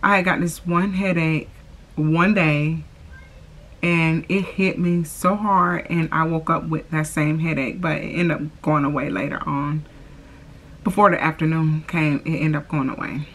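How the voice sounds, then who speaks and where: Slow-talking chatty young woman vlogger. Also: low voice, fairly even intonation. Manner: chatty, drawls "y'all", lots of "like" and "oh my gosh". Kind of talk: casual chat to camera.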